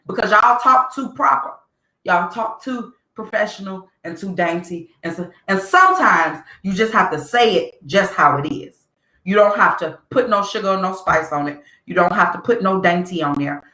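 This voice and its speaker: A woman hosting a podcast in casual commentary, blunt and animated, repeating her points for emphasis. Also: lowish voice, reverberant, poor audio. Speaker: podcast host.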